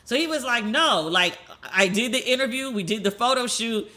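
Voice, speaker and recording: A woman hosting a solo podcast, telling stories in a chatty, animated way and acting out the people she quotes. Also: a little high, moderate pace. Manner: chatty, animated, swears, acts out quoted dialogue. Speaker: podcast host.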